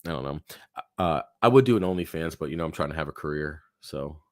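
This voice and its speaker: A deep-voiced man hosts a live Q&A stream, rambling through casual talk with plenty of fillers and restarts. His voice is hoarse and fading. The sound is dry and close. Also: expressive, fast talker, darkish tone, no echo. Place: home office.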